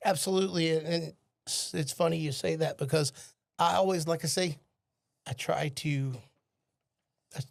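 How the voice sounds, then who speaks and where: A man's voice: on the high side, steady tone, moderate pace, gravelly, pauses often, no room sound, studio quality. A man with a Southern US accent, a podcast guest, telling polite anecdotes in casual conversation. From American South.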